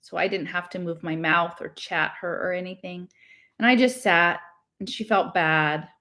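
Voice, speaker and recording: A woman's voice: on the low side, moderate pace, pushed and bright. A woman reading a novel aloud in a casual manner, stopping now and then to laugh and comment on the text. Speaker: reader.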